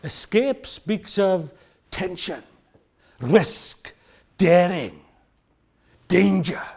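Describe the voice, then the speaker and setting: A male preacher delivering a sermon with a high, very animated voice that swoops up and down. He acts out the questions he quotes and leans on key words by slowing down. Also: vocal fry, husky. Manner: expressive, acts out quoted questions, emphatic slowdowns.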